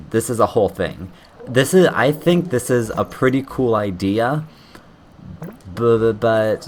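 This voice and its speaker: A man's voice: on the low side, slight background noise. A man streaming a video game, thinking aloud with frequent swearing, restarts and sudden yelps when things go wrong. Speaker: streamer playing a game blind. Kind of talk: casual gameplay commentary.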